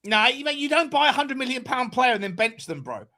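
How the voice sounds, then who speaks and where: A man hosting a casual football fan chat, animated and talking over others, swearing freely. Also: very high-pitched, fairly quick. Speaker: host.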